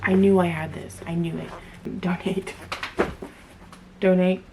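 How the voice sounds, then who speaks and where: A woman's voice: lowish voice, fairly even intonation, slow pace, vocal fry, noisy background. A young woman vlogger chatting casually to camera, blunt and opinionated, laughing often.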